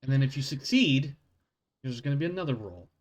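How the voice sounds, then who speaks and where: Male GM, relaxed tabletop narration with offhand corrections. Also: mid-range voice, a little fast. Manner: casual, laughing asides and self-corrections. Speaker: game master.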